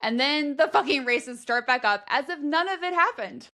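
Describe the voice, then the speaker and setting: A woman's voice: sits high, animated, normal speed, bright, forceful tone. A woman co-hosting a casual book podcast, recapping plot events candidly and swearing casually. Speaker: podcast co-host.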